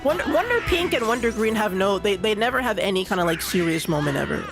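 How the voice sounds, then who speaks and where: Gravelly rambling young man streaming a game. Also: high-pitched, big pitch swings, fast talker. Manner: rambling, restarts, lots of "like" and "you know". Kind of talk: casual gameplay commentary. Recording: game music behind the voice.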